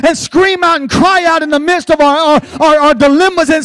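A man preaching a sermon, building to impassioned shouted pleas with a repetitive cadence. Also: very high-pitched, fairly even intonation, fairly quick, few pauses, dry recording.

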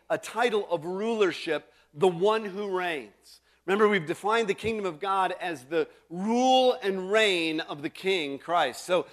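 A middle-aged male pastor preaching a sermon in a conversational way, full of restarts and asides to the congregation. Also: sits high.

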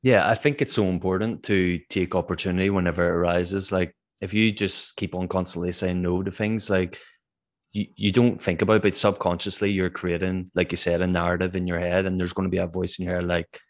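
A man with a very low voice talks in an easygoing podcast chat. He tells his stories with animation and swears without a second thought. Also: fairly quick. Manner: swears freely, animated storytelling.

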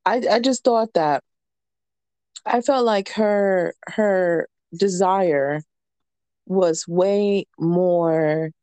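Slow-talking, low-voiced woman podcaster. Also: warm tone, clean tone, no room sound. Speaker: podcast co-host. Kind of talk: casual chat.

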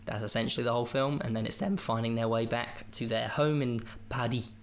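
Brisk and mid-range, a man's voice comes through with slight background noise. As podcast host, he gives a rambling, self-amused and jokey take on a film.

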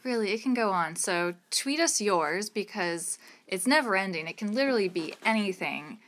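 A woman co-hosting a film podcast in casual chat, playful and quick to laugh. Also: medium pitch, lively intonation, fairly bright tone. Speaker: podcast co-host.

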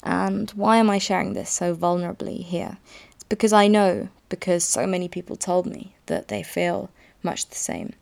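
A woman's voice: lowish voice, fairly even intonation, normal speed, creaky, a little mellow. A woman in her twenties hosting a solo podcast, talking candidly in a rambling, self-deprecating way. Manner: rambling and self-deprecating, free-flowing with frequent laughs. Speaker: podcast host.

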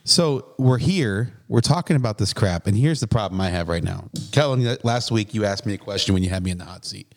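A man's voice: lowish voice, lively intonation, fairly quick. A man co-hosting a casual political chat, blunt and swearing freely. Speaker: podcast co-host.

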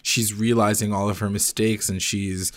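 A man's voice: lowish voice, little pitch movement, normal speed, dry recording. A young man co-hosting a podcast, casually recapping a TV episode in slangy talk and acting out characters' lines. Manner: slangy, retells scenes with quoted voices. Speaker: podcast co-host.

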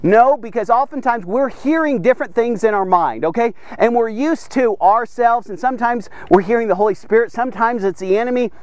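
Male devotional preacher, very high voice, fervent and emphatic, dry close sound. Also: a little fast, few pauses, darkish tone, dry recording. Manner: fervent, repeats phrases, addresses listeners as guys. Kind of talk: energetic devotional sermon.

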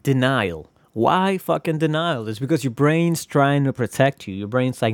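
A man's voice: medium pitch, moderate pace, hardly any pauses, no echo. A man hosting a casual solo podcast, rambling and profane, joking at his own expense. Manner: rambling, profane, self-deprecating. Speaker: podcast host.

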